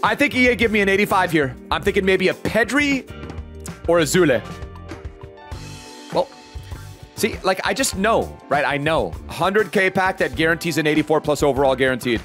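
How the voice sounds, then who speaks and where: Animated young man gaming commentary. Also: a little high, normal speed, pauses often, soft background music. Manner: animated, talks to viewers, frustrated outbursts. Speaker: gaming YouTuber. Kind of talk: excited gameplay commentary.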